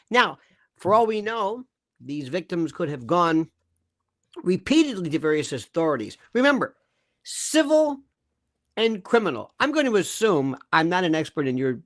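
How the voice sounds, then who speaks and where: A man's voice: a little high, no echo, clean studio sound. A man, a former prosecutor, giving heated legal commentary in an emphatic, repetitive way. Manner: animated, emphatic, repeats himself.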